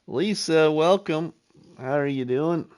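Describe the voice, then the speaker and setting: A middle-aged man talks at an unhurried, slow pace as he hosts a live gaming stream. His voice sits at an ordinary middle pitch. He chats with his viewers in an easygoing, relaxed way while he thinks out loud. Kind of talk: casual live-stream chat while playing.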